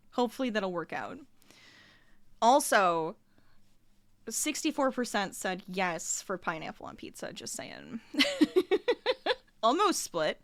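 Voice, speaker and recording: A woman's voice: medium pitch, fairly bright tone, clean tone, no room sound. A young adult woman streamer chatting casually and laughing often while she crochets at her desk at home. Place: home room.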